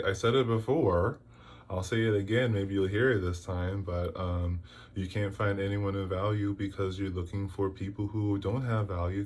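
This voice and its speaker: A man's voice: fairly low pitch, darkish tone, a little hiss or hum. A man giving a casual tarot reading to camera, exasperated and scolding, with lots of rhetorical questions. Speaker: tarot reader.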